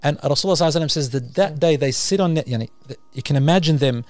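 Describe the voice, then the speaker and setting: A male preacher giving a sermon, telling vivid stories with animated rhetorical questions. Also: on the high side, very fast, hardly any pauses, no room sound, soft background music. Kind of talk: sermon storytelling.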